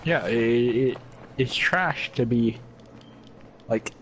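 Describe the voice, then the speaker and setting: A man's voice: medium pitch, slow pace, rough recording. A young man co-hosting a casual podcast chat, rambling and joking with many restarts. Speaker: podcast co-host. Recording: faint background noise.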